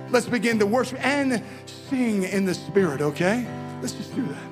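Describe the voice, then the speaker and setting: A man's voice: high-pitched, animated, normal speed, music in the background. A man preaching a fervent sermon at a church conference, with folksy homespun sayings.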